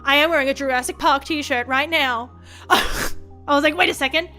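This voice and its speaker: A woman's voice: sits high, steady tone, moderate pace, pushed and bright, soft background music. A woman streamer chatting casually, rambling and cutting herself off with stammered restarts, candid and a bit profane. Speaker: VTuber streamer.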